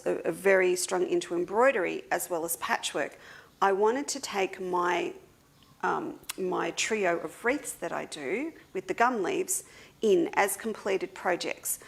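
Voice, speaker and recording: A woman's voice: medium pitch, gravelly, breathy edge. An Australian woman hosting a casual livestream for her quilting shop, chatting to viewers and greeting them one by one by name. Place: seated at a table indoors.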